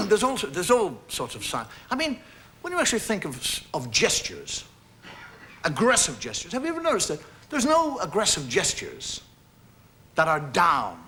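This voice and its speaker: Man, stand-up comedian, very high voice, lively swooping delivery, acts out gestures, noisy live recording. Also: normal speed. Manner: conversational, acts out gestures and sounds. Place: stage before a live audience.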